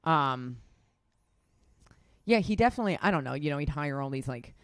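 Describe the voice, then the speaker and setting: A woman's voice: deep voice, expressive, normal speed, dry recording. Woman podcast co-host, chatty rambler, curses freely, dry close sound. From Nevada, USA. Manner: rambling, profane, lots of "like". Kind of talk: casual chat, storytelling.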